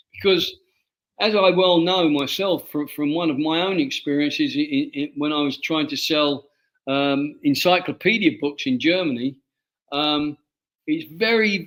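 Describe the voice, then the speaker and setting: An older man from England, an author being interviewed, telling stories from his life with many halting restarts and repeated words. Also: on the high side. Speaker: author guest. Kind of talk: interview storytelling.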